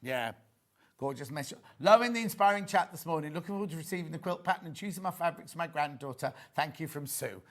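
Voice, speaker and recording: A man's voice: a little high, animated, quick pace. A man with a Yorkshire accent presenting on a shopping channel, chatting enthusiastically and reading out viewer messages. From Yorkshire, England. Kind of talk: casual on-air sales chat.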